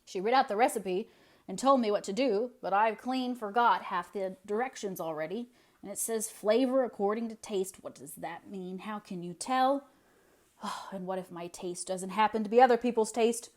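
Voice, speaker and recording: A woman's voice: mid-range voice, moderate pace, darkish tone, natural voice. Storybook: meek flustered farmer man, put on by a woman narrator. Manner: polite, flustered.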